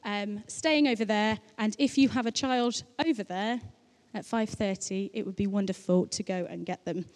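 A woman's voice: medium pitch, moderate pace, darkish tone. A woman giving a sermon in a chatty, anecdotal way, with playful asides between her points. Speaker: preacher. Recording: long reverb of a large hall.

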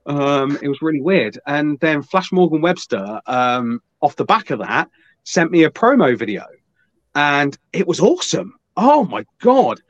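A man's voice: fairly high pitch, very animated, a little slow, dry recording. A man spins a rambling, profane anecdote in casual podcast chat. His voice comes through a dull, slightly lo-fi recording that is dry and close, with no room sound. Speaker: podcast guest. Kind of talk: casual storytelling.

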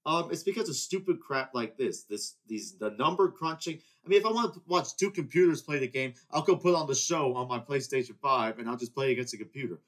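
Young guy doing a solo podcast, rambles a lot, keeps restarting, gets worked up, mid-pitched voice. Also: fairly quick, hardly any pauses. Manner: rambling and heated, many restarts. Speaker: podcast host. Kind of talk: casual solo monologue.

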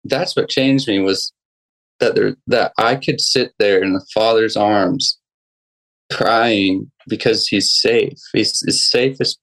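A young man, a guest musician, telling a personal story in a casual interview, halting with many restarts and fillers. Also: on the low side, fairly even intonation, a bit bright, poor audio.

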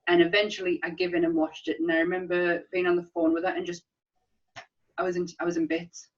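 A woman co-hosting a podcast in casual chat, animated, laughing often and restarting her sentences. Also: lowish voice, fast. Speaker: podcast co-host. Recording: distant, dull lo-fi sound.

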